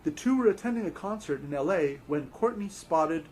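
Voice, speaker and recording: A man's voice: on the high side, animated, normal speed, a little mellow. A man reading a book aloud in a casual, unpolished way, often breaking off to ramble and chat. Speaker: book reader.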